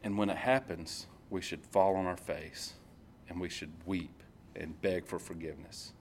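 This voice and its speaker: A man preaching a conversational sermon at a church service, reading scripture slowly and often repeating himself. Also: low voice, fairly even intonation, a little mellow, a little hiss or hum. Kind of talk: informal sermon.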